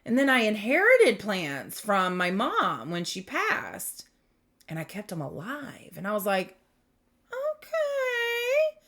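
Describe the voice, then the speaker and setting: Slow, gentle woman giving a tarot reading. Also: mid-range voice, huge pitch swings. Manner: rambling, gentle, with many fillers and restarts. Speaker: tarot reader. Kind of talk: spiritual tarot reading monologue.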